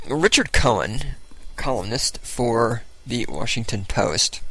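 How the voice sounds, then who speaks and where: A man with a gravelly, creaky voice delivers sarcastic political commentary. He rants and mocks, reading quotes aloud with open scorn. His pitch sits in an ordinary middle range. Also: animated, normal speed, fairly bright tone, no room sound, rough recording. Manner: mocking, ranting, reads quotes aloud with scorn. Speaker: host of a political commentary show.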